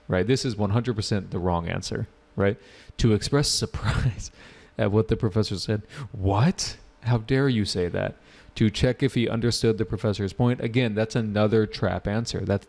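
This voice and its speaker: Low gravelly guy teaching test prep, casual and jokey, reads out chat questions. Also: a little mellow. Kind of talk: live online class.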